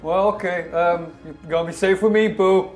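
A man's voice: high voice, steady tone, moderate pace, reverberant, faint music behind. A man playing a tabletop game, easygoing and teasing. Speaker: player. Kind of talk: casual tabletop role-play.

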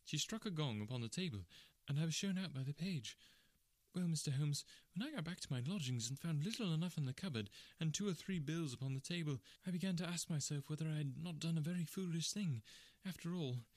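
A man narrating a classic first-person story in a measured, precise audiobook reading. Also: fairly high pitch, lively intonation, a little mellow, no echo.

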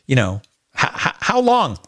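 Lively, animated male podcast host. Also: fairly high pitch, unhurried. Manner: animated, self-deprecating, thinks aloud. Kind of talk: casual interview chat.

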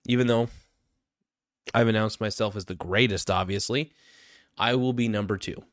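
A young man talks through a loose comic monologue on his podcast, boasting and then mocking himself, with plenty of "um"s along the way. His voice sits a little low. The sound is dry and close, with no room in it. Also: steady tone, moderate pace, dry recording. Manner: joking, self-mocking bravado with many fillers. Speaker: podcast host. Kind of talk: rambling comedic monologue.

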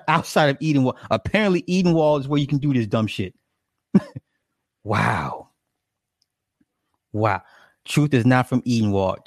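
A man's voice: fairly high pitch, dry recording, studio quality. A man giving profane, mocking reaction commentary, stretching words out for emphasis.

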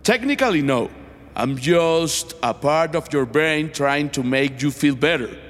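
A man's voice: a little high, expressive, measured pace, fairly bright tone, in a large hall. Blunt, wry God voice, a man doing it. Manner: blunt, dry.

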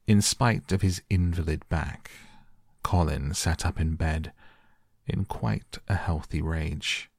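A man reading a storybook aloud softly at bedtime, gentle and unhurried. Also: very deep voice, creaky, husky, dry recording, clean studio sound. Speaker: audiobook narrator.

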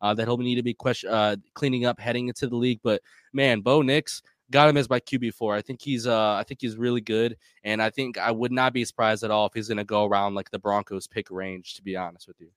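A man's voice: on the low side, fairly even intonation, fast, dry recording. A man co-hosting a casual sports podcast, working through strengths and weaknesses in a methodical way. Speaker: co-host.

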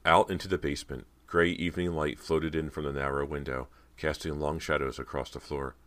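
A man narrating a horror audiobook at a steady storytelling pace. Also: a bass voice, brisk.

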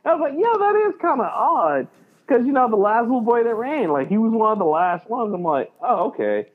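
A man co-hosting a podcast in casual chat, animated and excitable, acting out his reactions. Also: sits high, fast. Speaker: podcast co-host. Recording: tinny phone-like line.

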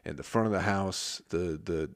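A man's voice: low voice, moderate pace, dry recording, clean studio sound. A man who works in a restaurant kitchen, telling a story as a heated, profane rant.

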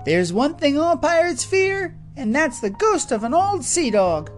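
A woman voicing an excitable, adventurous young boy hero in a storybook reading. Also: high-pitched, a little slow, soft background music, pitched above the performer's own voice. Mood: excited.

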